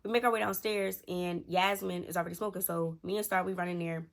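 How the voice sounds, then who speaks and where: Young woman, casual storyteller, slightly low voice with vocal fry, animated quoting. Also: fairly quick. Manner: animated, acts out quotes from friends. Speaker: storytime vlogger.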